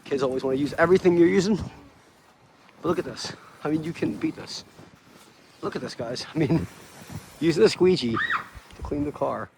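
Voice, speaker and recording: Family vlogger dad, chatty and upbeat, outdoor camera audio with faint noise, voice a bit high. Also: male voice, fairly quick, creaky, long pauses. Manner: upbeat, chatty, laughs often. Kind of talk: casual vlog chat. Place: outdoors in snowy yard.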